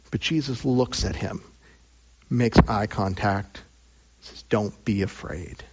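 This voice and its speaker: A man preaching a sermon as pastor. He moves between raised, emphatic lines and hushed, drawn-out phrases with long pauses. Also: medium pitch, dull audio.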